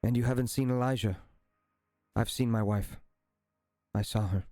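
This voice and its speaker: A man voicing a grieving male hunter set on revenge, who speaks in a grave, measured way with few words. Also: medium pitch, steady tone, mellow, no room sound, soft background music, lightly acted.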